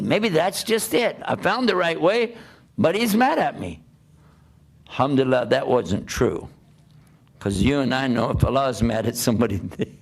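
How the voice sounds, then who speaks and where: An older man preaching through a personal story, animated, laughing and acting out the dialogue. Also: medium pitch, vocal fry. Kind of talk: storytelling talk.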